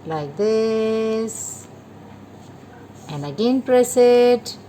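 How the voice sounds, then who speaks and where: A woman calmly guiding children through a paper-folding craft step by step, repeating each instruction. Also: on the high side, drawn-out words, slight background noise. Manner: patient, repetitive instructions to children. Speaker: craft teacher.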